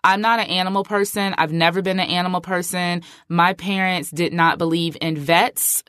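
A woman's voice: on the low side, fairly even intonation, normal speed, fairly bright tone, clean tone, no room sound, clean studio sound. A middle-aged woman hosting a podcast, talking in a chatty, emphatic way and often saying "like". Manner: chatty, emphatic, heavy use of filler like. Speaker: podcast host. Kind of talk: casual podcast monologue.

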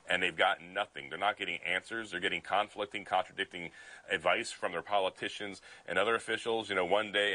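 A man's voice: deep voice, bright, forceful tone, dry recording, low-quality recording. A man from Pennsylvania, a state legislator in a remote news interview, talking in a fired-up, indignant way with many restarts.

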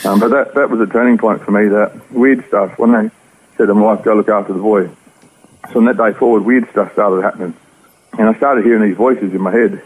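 An Australian man tells his story at a quick clip, earnest and rambling. His voice sits low and sounds husky. The audio is tinny and narrow, like a phone line on the radio. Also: steady tone. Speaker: interview guest. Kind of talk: personal testimony.

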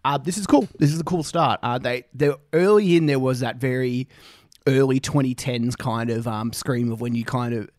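A man's voice: mid-range voice, normal speed, darkish tone, no echo. An Australian man hosting a casual music reaction, rambling, swearing freely and joking at his own expense. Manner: rambling, swears freely, self-deprecating jokes.

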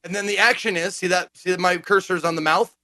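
A man chatting casually as a gaming podcast co-host, animated and profane, acting out quotes as he tells stories. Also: high voice, fast talker, very noisy. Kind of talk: casual chat.

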